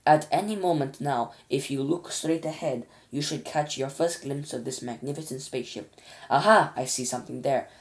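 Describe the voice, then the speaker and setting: A flustered male astronaut, raised and urgent as he reports what he sees, as a woman reads him in a storybook. He stammers and hurries, voice lifted above the reader's low natural tone. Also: moderate pace. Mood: excited. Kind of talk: children's storybook reading.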